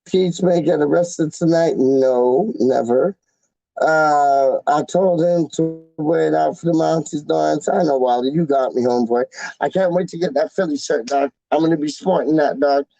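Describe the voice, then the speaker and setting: Gravelly, slangy man chatting on a livestream. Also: on the high side, moderate pace, mellow, dry recording, dull audio. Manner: slangy and repetitive, calls people "dog" and "man"; rambling, talks straight to the live chat. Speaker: fan channel livestream host. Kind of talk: casual livestream chat.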